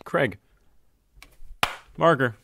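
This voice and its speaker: A man's voice: mid-range voice, extremely slow, vocal fry, background noise. A man co-hosting a podcast in casual chat, laid-back and joking, with frequent hesitations. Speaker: podcast co-host.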